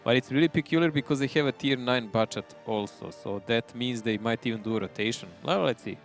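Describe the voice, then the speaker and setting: A man co-casting an esports match, breaking down tactics in a relaxed, mid-pitched voice. He talks things through calmly and chuckles often, with faint music under him. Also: brisk. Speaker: esports analyst. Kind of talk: live match analysis.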